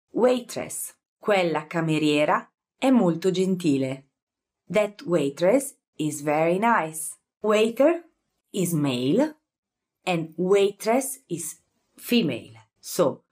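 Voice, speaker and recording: An Italian-accented woman runs a beginner vocabulary lesson at an unhurried pace. Her voice sits low for a woman. She repeats words and pauses to fix her own phrasing. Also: darkish tone. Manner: slow, repeats words and corrects herself. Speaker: language teacher.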